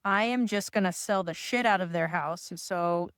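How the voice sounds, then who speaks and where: A woman, a real estate agent, telling an embarrassing story in a casual, animated, self-deprecating way. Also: lowish voice, normal speed, hardly any pauses, clean tone, dry recording, clean studio sound.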